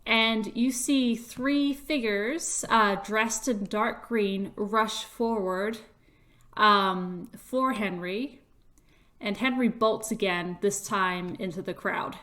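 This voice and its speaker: Woman game master, bright and unhurried, lots of fillers. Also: mid-range voice. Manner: halting, frequent fillers, playful. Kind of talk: narrating a tabletop game.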